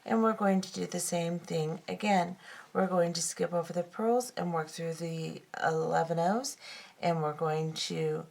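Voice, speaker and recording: Woman, craft tutorial host, low-ish voice with vocal fry, patient and step-by-step. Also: steady tone, a little slow, darkish tone. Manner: patient, methodical, repeats steps.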